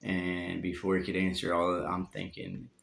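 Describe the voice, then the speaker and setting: Deep gravelly man telling a hard story. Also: level tone, fairly bright tone. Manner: halting and heavy, with long pauses and fillers. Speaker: vlogger telling his life story. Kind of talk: personal storytelling. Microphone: phone. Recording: roomy phone recording.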